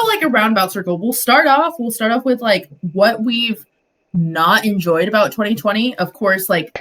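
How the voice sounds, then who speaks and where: Woman co-host, casual stream chat, giggly and rambling, pitch jumps all over. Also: a bit bright.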